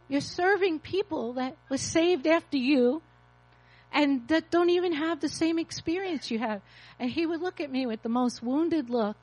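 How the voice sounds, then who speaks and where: A woman's voice: sits high, darkish tone, poor audio. A woman in her fifties, a pastor, preaching an emotional, confessional testimony. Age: 50s. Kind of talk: sermon testimony.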